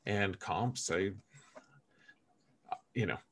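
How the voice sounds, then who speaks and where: Male podcast co-host, lowish voice, jokey and animated, stumbles and restarts a lot. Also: very slow. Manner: animated and joking, stammering restarts. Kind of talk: casual gaming podcast chat.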